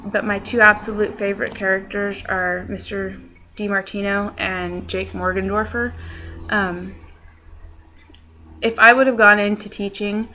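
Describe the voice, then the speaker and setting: Bright-voiced young woman rambling casually. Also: mid-range voice, a little hiss or hum, low-quality recording. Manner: rambling, with many fillers; self-deprecating. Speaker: vlogger. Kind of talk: casual chat.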